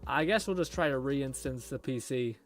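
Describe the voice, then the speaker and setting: A man's voice: mid-range voice, normal speed, fairly bright tone, soft background music. A man live streaming from his home computer, chatting casually with viewers and rambling and swearing while he troubleshoots his PC.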